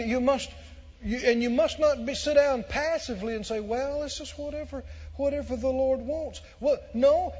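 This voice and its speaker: A high-pitched man delivering an emphatic sermon, piling up repeated phrases and rising to shouts. His voice is husky, and the recording is muffled, with a long reverb from a large hall. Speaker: preacher.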